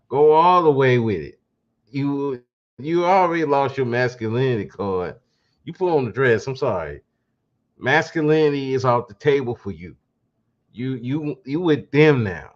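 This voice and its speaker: A man's voice: mid-range voice, highs cut off. A man hosting his own podcast, talking through a casual, sarcastic commentary monologue with mocking laughing asides. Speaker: podcast host.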